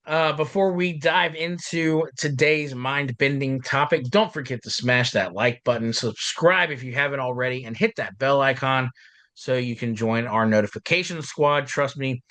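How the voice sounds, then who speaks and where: A male podcast host chatting casually, joking and filling with "uh", his voice a little deeper and rough after being ill. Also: pushed and bright, dry recording. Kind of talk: casual chat.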